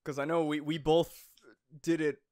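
A man's voice: a little high, little pitch movement, moderate pace, darkish tone. A young man co-hosting a podcast, chatting eagerly and laughing often, with lots of fillers. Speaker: podcast co-host. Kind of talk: casual chat.

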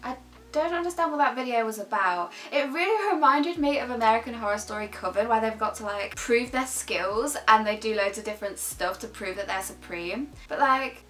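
A woman's voice: a little high, fairly bright tone. A young woman hosting a casual reaction chat, talking chattily with plenty of filler words and some giggles. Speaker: host reacting to videos.

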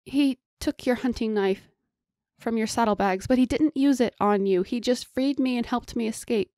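A woman's voice: fairly low pitch, slow, creaky, mellow, dry recording, clean studio sound. A woman voicing a desperate young female captive, pleading breathlessly.

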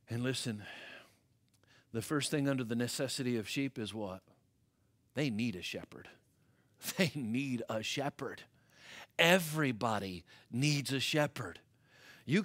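A preaching man with a bright forceful voice. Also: medium pitch. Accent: American. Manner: preaching with big swings from hushed to loud. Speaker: pastor. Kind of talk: sermon. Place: church sanctuary.

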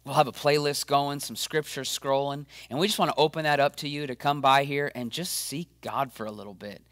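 Male pastor, middle-range voice, lively and encouraging video sermon, dry recording. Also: medium pitch, fairly quick, dry recording. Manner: energetic, encouraging, acts out quoted voices.

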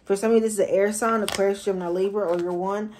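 A woman's voice: medium pitch, fairly even intonation, fast talker, darkish tone, slight background noise. Woman, tarot reader, casual and slangy, talks straight to her viewers. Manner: chatty, slangy, repeats herself for emphasis.

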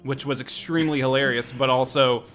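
A man's voice: medium pitch, fairly even intonation, brisk, a bit bright, soft background music. A man co-hosting a podcast in casual discussion, thoughtful and searching for his words. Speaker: podcast co-host.

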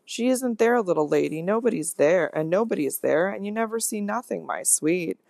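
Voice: mid-range voice, moderate pace, vocal fry, dry recording, clean studio sound, pitched above the performer's own voice, natural voice. A reader voicing a fretful, kindly older woman housekeeper who coaxes and soothes a child in homely, ungrammatical speech. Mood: anxious coaxing. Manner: soothing, pleading, country grammar.

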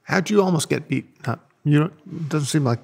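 A man's voice: fairly high pitch, normal speed, vocal fry, darkish tone. A man hosting an interview, prompting his guest with short questions and brief replies. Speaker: interviewer, host. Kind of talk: casual interview.

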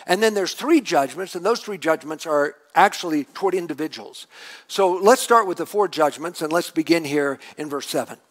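A middle-aged man preaching a sermon as lead pastor, animated and acting out a furious prayer in a raised voice. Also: a little high, normal speed.

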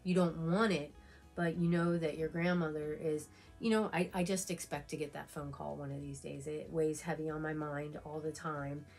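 A woman's voice: sits low, fairly even intonation, moderate pace, darkish tone, soft background music. A woman vlogger chatting casually while getting ready, telling an emotional personal story full of fillers and repeats. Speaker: beauty vlogger. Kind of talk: casual chat during a get-ready-with-me video.

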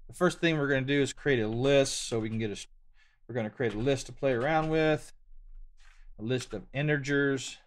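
A man's voice: mid-range voice, normal speed. A man from Louisiana with a Southern drawl, hosting a casual coding lesson. He talks in an easygoing, chatty way and jokes about himself. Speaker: programming tutorial host. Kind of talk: screen-share coding lesson.

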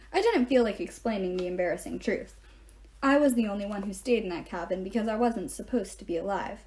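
A woman reading a novel aloud, telling the story in first person in an even way. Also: mid-range voice, fairly quick. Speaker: reader.

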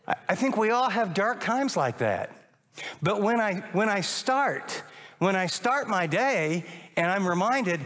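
An older man preaching a sermon as a pastor, animated and acting out little dialogues. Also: a little high, moderate pace. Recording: long reverb of a large hall.

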